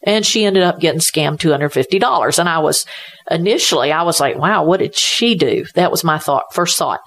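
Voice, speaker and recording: A woman's voice: sits low, brisk, fairly bright tone. A woman who runs a tech support business for seniors, talking earnestly in a conversational interview and repeating her points for emphasis.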